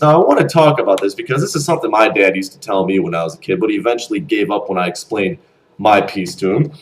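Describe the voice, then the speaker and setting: A young man around twenty ranting bluntly to camera, animated and swearing freely. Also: mid-range voice, poor audio. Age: young adult. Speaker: vlogger. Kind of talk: casual rant to camera.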